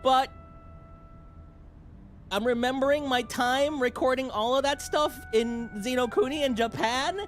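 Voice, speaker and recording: A young man chatting excitedly on a livestream, rambling and jumping between shouting and mumbling. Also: extremely high pitch, measured pace, long pauses, soft background music. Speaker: streamer. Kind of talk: excited casual livestream chat.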